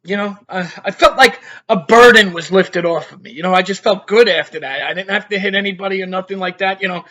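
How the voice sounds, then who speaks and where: A man's voice: high voice, quick pace, pushed and bright. A man, telling a personal story in a rambling, chatty way, peppered with "you know" and little laughs. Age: 50s. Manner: chatty, keeps adding "you know", laughs between sentences. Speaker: vlogger.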